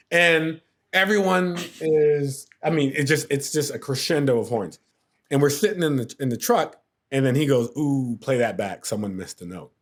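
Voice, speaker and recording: A middle-aged man telling a story as a podcast guest, acting out quotes and sound effects as he goes. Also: on the high side. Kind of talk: casual storytelling.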